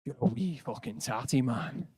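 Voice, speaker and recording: A man's voice: medium pitch, moderate pace, darkish tone, slightly rough. A man putting on a furious Scottish pub bloke. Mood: angry. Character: angry red-faced Scottish pub bloke, insulting.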